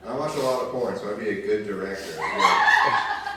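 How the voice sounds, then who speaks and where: Young male stand-up, lowish voice, loose and crude, picked up from far back in a very echoey hall with crowd noise. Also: animated, moderate pace. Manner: loose, crude, conversational storytelling. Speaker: stand-up comedian. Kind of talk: stand-up set. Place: live stage in a community arts venue. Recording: very echoey room recorded from far off. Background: crowd ambience.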